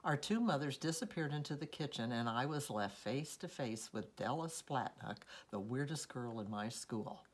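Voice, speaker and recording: A woman reading a children's story aloud in an expressive, unhurried storytelling manner. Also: rumbling low, breathy edge. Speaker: storybook reader.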